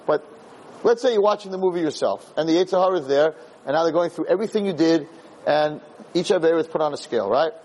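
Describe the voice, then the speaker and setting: Animated man preaching a storytelling sermon. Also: fairly high pitch, quick pace, poor audio. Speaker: Jewish lecturer.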